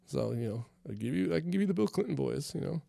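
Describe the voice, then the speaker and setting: A man hosts a comedy podcast, rambling through the news in a casual monologue full of fillers and swearing. His warm voice is on the high side, animated and fast with vocal fry, captured in clean studio sound with no room sound.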